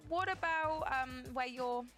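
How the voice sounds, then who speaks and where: Playful higher-voiced woman hosting, music behind. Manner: playful, bursts into laughter, quick asides. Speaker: esports broadcast host. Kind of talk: casual panel banter.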